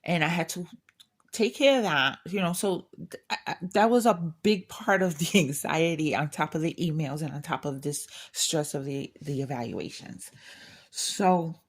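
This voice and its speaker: In a loose, unscripted chat, a craft channel host with a notably low, deep-set voice vents candidly about her day. She rambles at a moderate pace and often restarts her sentences.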